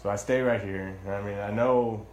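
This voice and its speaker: Young guy venting about his arrest, low voice, blunt and sweary, roomy echo. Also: steady tone, moderate pace, a little mellow, dull audio, a little hiss or hum. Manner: agitated, blunt, swears, restarts often. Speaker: former Marine recounting his arrest. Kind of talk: heated first-person account.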